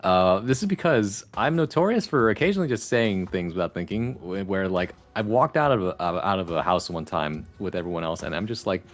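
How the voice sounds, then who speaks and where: A man with a calm, relaxing voice, a podcast guest chatting casually and wryly. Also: low-pitched, fairly quick, few pauses. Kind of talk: casual chat.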